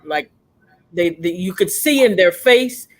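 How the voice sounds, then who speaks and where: A woman's voice: lowish voice, unhurried. A woman hosting a casual discussion on a video call, telling stories animatedly and acting out voices. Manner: warm, animated storyteller, acts out voices. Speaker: host.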